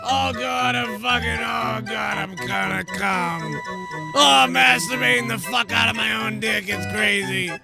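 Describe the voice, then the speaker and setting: A man voicing a crude man in the throes of pleasure, moaning and shouting in a high strained voice. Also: fairly even intonation, measured pace, creaky, loud music behind the voice, heavily acted. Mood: ecstatic. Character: crude man pleasuring himself, ecstatic, loud.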